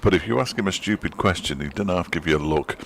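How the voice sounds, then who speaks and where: Deep voiced middle aged bloke doing co-comms, dry jokey and laid back. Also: male voice, creaky, a little hiss or hum. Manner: dry, joking, unhurried. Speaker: cricket co-commentator. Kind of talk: relaxed sports commentary chat. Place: commentary box at a cricket ground. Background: faint crowd and ground ambience.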